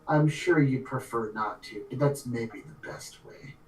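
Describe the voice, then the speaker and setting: A game master voicing an aloof, condescending elf man who speaks slowly and coolly. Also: mid-range voice, a little mellow, echoey room, natural voice, rough recording. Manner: slow, cool, condescending.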